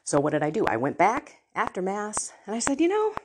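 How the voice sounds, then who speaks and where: A woman hosting a Catholic podcast, telling personal faith stories in an earnest, animated way with laughs and asides. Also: medium pitch, brisk. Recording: audible background noise.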